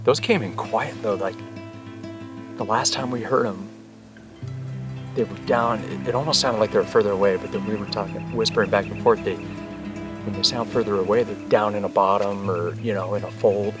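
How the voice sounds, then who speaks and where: A man's voice: fairly low pitch, steady tone, normal speed. A man hunting outdoors, talking casually and laughing often as he describes what just happened. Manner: laid-back, laughs often. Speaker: hunter filming a hunt. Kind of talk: casual field commentary. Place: outdoors in a canyon. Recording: outdoor audio with music underneath. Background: background music.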